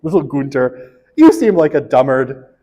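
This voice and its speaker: Man putting on a condescending school official, patronizing, slow and formal, mid-pitched, long reverb. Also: expressive, warm tone, close to an everyday voice. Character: condescending male school official sorting children.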